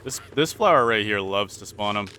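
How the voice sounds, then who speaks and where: Young male let's-play host, lowish voice with a bright, tense edge, goofy rambling asides. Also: expressive, moderate pace, clean tone. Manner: goofy, rambling, talks to his viewers. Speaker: gaming channel host.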